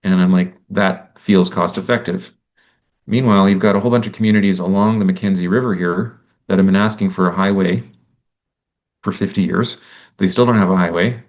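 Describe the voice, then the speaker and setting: A man giving a conversational lecture, animated and exasperated, acting out imagined exchanges and often restarting his sentences. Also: sits low, fast, dull audio. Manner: many restarts and self-corrections.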